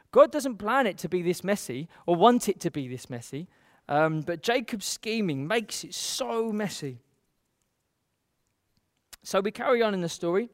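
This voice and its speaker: A man with a high voice tells a Bible story in an easy, chatty way, full of little fillers and quick acted-out lines. The sound is close and dry, with no room around it. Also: dry recording. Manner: chatty retelling, acts out quotes with fillers. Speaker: Bible teacher.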